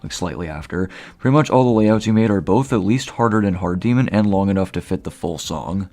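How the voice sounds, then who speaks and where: A man with a somewhat low voice talks through his gameplay in casual commentary. He rambles and airs strong opinions, filling his sentences with asides and fillers. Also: lively intonation, brisk, mellow. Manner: opinionated, rambling, heavy use of "like". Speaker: gaming video creator.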